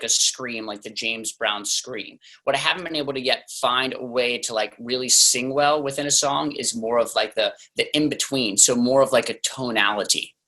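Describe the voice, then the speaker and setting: Bright-voiced man chatting loosely. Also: mid-range voice, poor audio. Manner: loose and chatty, heavy on "like" fillers. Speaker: singer, interview guest. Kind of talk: casual interview talk.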